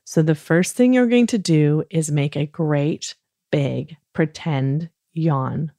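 A woman hosting a children's bedtime podcast, talking in a soft, soothing, gentle way. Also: low-pitched, dry recording, clean studio sound. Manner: soft, slow, soothing, playfully acts out yawns. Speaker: host of a kids bedtime podcast.

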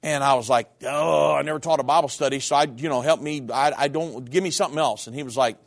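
A man's voice: fairly high pitch, quick pace, creaky. A middle-aged man, a minister, giving a personal testimony in a sermon, speaking in an earnest, candid, conversational way.

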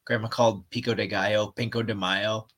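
A man co-hosting a comedy podcast, chatting casually and making low-key, dry remarks. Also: level tone, fairly quick, a bit bright. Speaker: podcast co-host.

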